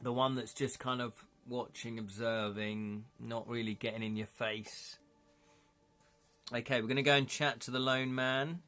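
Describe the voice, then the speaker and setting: A man's voice: medium pitch, steady tone, unhurried, fairly bright tone, faint music behind. Playful British man hosting a live gamebook. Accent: British English. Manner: playful, jokey and chatty. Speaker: host and narrator of a live interactive gamebook. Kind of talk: live-stream narration with chat voting.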